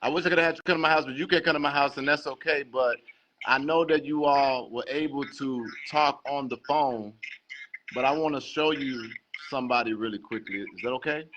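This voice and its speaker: A man's voice: mid-range voice, brisk, a bit bright. A man hosting a casual live stream chat, effusive and repeating himself as he thanks a guest. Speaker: host. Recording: dull lo-fi live stream audio with noise.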